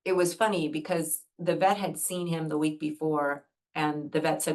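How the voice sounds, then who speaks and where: A woman teaching Reiki on a group video call, speaking earnestly and gently as she guides breathing step by step. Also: low-pitched, level tone, moderate pace. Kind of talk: gentle talk to an online group.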